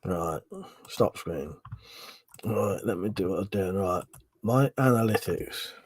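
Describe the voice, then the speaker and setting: A man hosts a rambling live stream while tipsy, laughing often and swearing freely as he chats with viewers. His voice sits fairly low with a husky edge. The sound is close and dry. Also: slow, no echo. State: drunk. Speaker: livestream host. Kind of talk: casual live chat reading viewer comments.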